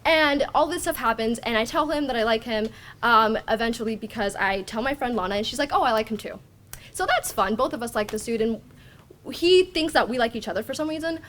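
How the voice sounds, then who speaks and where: A woman's voice: on the high side, animated, brisk, fairly bright tone. A teenage girl telling a personal story at a story slam, rambling and self-deprecating, often quoting her own thoughts. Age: teens. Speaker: student storyteller.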